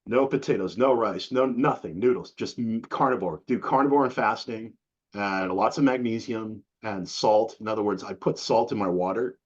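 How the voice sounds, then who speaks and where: Rambling husky middle-aged man, dude-speak. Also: on the low side, moderate pace. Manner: rambling, profane, says "dude" a lot. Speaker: interview guest. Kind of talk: casual interview chat. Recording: dull lo-fi recording.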